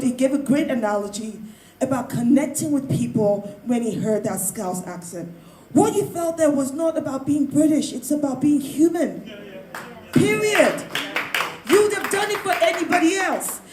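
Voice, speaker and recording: A woman speaking in a panel discussion, loud and emphatic, often breaking into laughter. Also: sits high, expressive, normal speed, slight background noise. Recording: roomy, echoey sound.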